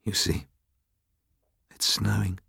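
A man voicing a proud Victorian father who speaks in a cold, measured, weary way. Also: rumbling low, very animated, dry recording, clean studio sound, exaggerated voice.

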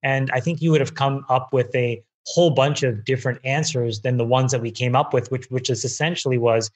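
Measured man with a mid-range voice. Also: mid-range voice, fairly even intonation. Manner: measured, thinks aloud with hedges. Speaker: guest investor. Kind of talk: interview answers.

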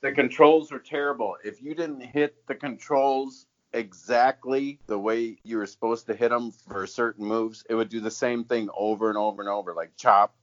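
A man chatting as a guest on a call, animated and quick to laugh. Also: mid-range voice, lo-fi sound. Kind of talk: casual chat.

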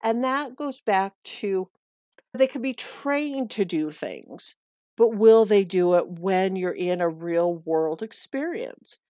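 Her medium-pitched voice is warm, slow and lively in intonation, with no echo. A middle-aged American woman, she gives chatty, earnest dog-walking and pet tips in a casual advice style that often repeats itself.

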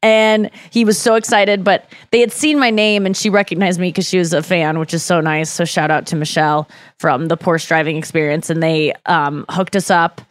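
A woman's voice: on the low side, steady tone, normal speed, no echo. Rambling, self-deprecating woman podcast host. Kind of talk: casual storytelling chat.

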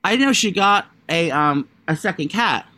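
A man's voice: moderate pace, no room sound. Rambling, chatty male podcast co-host. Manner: rambling, lots of likes and ums, animated jumps in pitch. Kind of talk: casual gossip chat.

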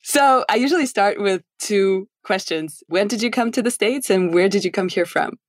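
A woman's voice: medium pitch, moderate pace, dry recording. A woman with a mid-range voice interviews a guest in a friendly, casual way, laughing along often. The sound is close and dry. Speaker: podcast host.

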